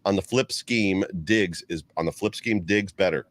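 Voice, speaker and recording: A man co-hosting a casual sports talk show, excitable and rambling as he reads out viewer comments. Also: low-pitched, moderate pace, slight background noise. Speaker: co-host.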